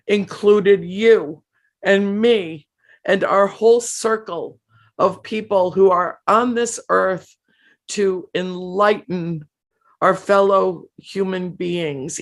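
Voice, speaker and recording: A woman guest telling a personal story in an earnest, emotional way, often pausing and restarting her sentences. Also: on the low side. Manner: emotional, halting with frequent restarts and fillers.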